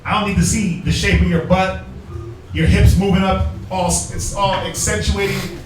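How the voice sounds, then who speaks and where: A man preaching loudly on the street, calling out scripture readings and mocking in put-on voices. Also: sits high, steady tone, normal speed, music in the background. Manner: loud, forceful, calls for verses and mocks in put-on voices. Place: outdoors on a street. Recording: echoey, from far off, faint noise.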